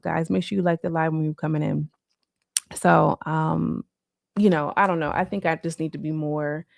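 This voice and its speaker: Gravelly-voiced woman rambling on a live stream. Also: low-pitched, no echo, studio quality. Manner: rambling, loose, full of "like" fillers. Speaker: livestreamer. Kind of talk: casual live-stream chat. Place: at home.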